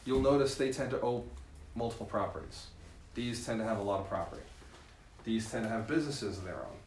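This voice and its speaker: A man giving a live seminar as a real estate mentor, lively and laughing often, tagging points with "right?". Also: on the low side, brisk, roomy sound, a little hiss or hum. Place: room with a live audience.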